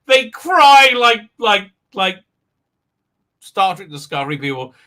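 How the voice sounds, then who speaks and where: Bright high-voiced sarcastic male host. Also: sing-song, slow pace. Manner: mocking, rambling, many fillers. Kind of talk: sarcastic live show recap.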